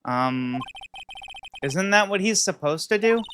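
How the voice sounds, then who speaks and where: Woman doing a deadpan young male lawyer. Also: lowish voice, takes it slowly, background noise. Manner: flat, deadpan, unimpressed. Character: weary young male defense attorney. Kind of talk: reading game dialogue aloud.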